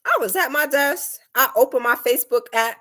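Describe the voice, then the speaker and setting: A young woman chatting casually on a live stream, reading comments and acting out her mother's lines in a lively, talkative way. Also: high-pitched. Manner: lively, chatty, quick mood swings, acts out her mom's lines. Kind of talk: casual chat.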